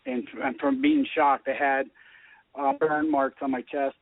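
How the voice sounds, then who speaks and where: A man calls into a radio chat and tells his story with lively, swooping pitch. His voice is slightly high and gravelly. The sound is dry and comes through a tinny phone line. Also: measured pace, no room sound. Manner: animated storyteller acting out dialogue. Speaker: guest telling his story.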